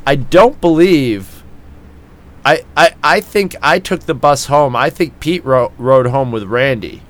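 A man's voice: mid-range voice, measured pace. A man casually telling a drunken story on a podcast, swearing often, laughing and acting out what people said.

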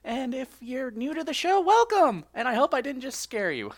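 A man hosting his own podcast alone, chatty and excitable, often laughing. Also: very high-pitched, normal speed. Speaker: podcast host. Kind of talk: solo podcast chat.

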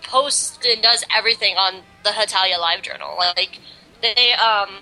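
A young woman with a bright, forceful mid-range voice chats casually and eagerly as a podcast co-host. She talks fast with enthusiastic fan energy, filling her speech with "like." The audio quality is poor.

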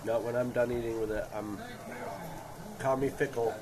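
A man's voice: medium pitch, steady tone, moderate pace. A man hosting a podcast in casual chat, rambling through his points with many restarts, recorded outdoors at a public market. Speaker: podcast host. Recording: outdoor market with crowd chatter.

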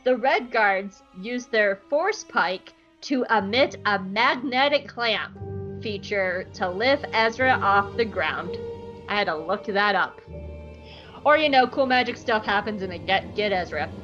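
A woman's voice: mid-range voice, animated, unhurried, fairly bright tone, soft background music. Playful woman recapping a show, slightly muffled. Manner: playful, jokey, acts out quotes in silly voices. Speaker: podcast co-host recapping an episode. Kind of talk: casual recap with comic voiced quotes.

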